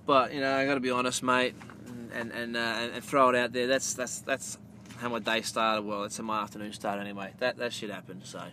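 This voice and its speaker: A man's voice: medium pitch, fairly quick. An Australian man, around his thirties, hosts a casual podcast in a loose storytelling ramble. He swears easily, restarts his sentences, and keeps calling the listener mate. A faint hiss sits under his mid-range voice. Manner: gets loud and animated telling the punchline. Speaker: podcast host.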